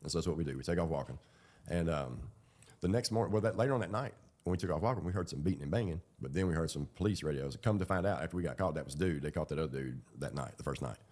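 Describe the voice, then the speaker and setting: A man's voice: a bass voice, lively intonation, very fast, darkish tone. A man telling his own story in a loose, rambling, colloquial way. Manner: rambling, colloquial, with fillers and laughs. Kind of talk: casual storytelling.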